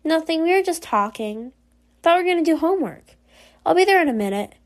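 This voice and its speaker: A woman's voice: very high voice, expressive, pitched above the performer's own voice. A woman reading as a breezy, flustered teenage girl. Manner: quick, breezy excuses. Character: cool, flustered teenage girl making excuses. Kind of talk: reading a story game's dialogue aloud.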